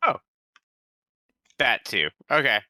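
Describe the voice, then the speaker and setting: A man who is a player in a tabletop game, chatting casually and giving upbeat, quick reactions. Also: medium pitch, very animated, pushed and bright, dry recording.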